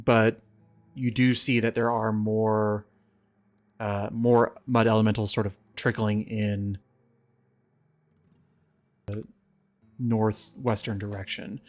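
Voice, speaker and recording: Low-voiced man narrating a tabletop game. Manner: relaxed, halting narration with many fillers. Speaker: game master.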